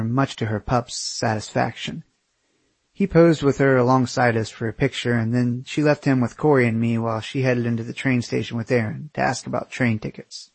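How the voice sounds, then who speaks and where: A young man reads his own travel memoir aloud with sardonic, self-mocking humor and plenty of swearing. His mid-range voice has a slightly husky edge. The recording is dry and close. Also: medium pitch, no echo. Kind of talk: audiobook narration of a memoir.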